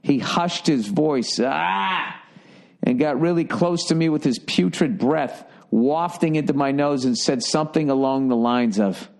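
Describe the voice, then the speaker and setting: A man's voice: mid-range voice, moderate pace, hardly any pauses, darkish tone. A man hosting a podcast, reading listener letters aloud and cutting in with blunt, profane, exasperated asides. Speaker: podcast host.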